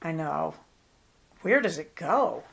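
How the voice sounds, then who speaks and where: Her voice sits low and gravelly, slow but expressive. She's a middle-aged podcast host from Southern California whose casual chat wanders affectionately and talkatively.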